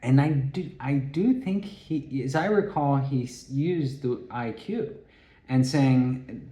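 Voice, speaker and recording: A man giving a rambling solo talk, halting and restarting his phrases. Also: mid-range voice, mellow. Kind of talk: rambling spoken monologue. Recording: echoey room.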